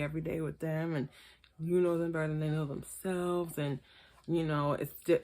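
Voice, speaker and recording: A woman casually recapping a reality show, chatty and opinionated and throwing in quick asides. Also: fairly low pitch, darkish tone. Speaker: reality TV reviewer. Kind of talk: casual gossip commentary.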